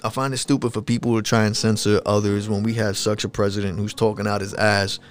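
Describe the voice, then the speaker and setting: A man hosting a solo podcast, ranting in a casual, profane, animated way and mocking people with put-on voices. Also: fairly low pitch, fast. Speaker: podcast host.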